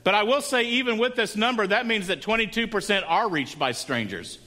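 A man's voice: high voice, lively intonation, a little fast, bright, forceful tone. A male pastor preaching a sermon in a conversational way, often asking the congregation questions.

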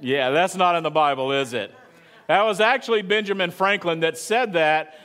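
A man's voice: sits high, normal speed, a bit bright, smooth. A man preaching a sermon at church, talking conversationally and asking the congregation questions. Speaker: pastor.

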